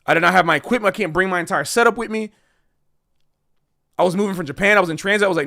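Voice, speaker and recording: Earnest, rambling man with high voice. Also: fast, vocal fry, long pauses, a bit bright. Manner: earnest, rambling, repeats himself. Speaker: streamer and jazz educator. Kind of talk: casual livestream monologue.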